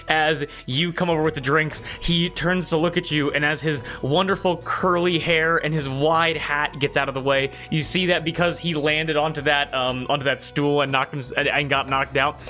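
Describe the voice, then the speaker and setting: A man's voice: a little high, fairly even intonation, moderate pace, hardly any pauses, sharp tone, faint music behind. A man narrating a tabletop game as game master, easygoing and laughing often.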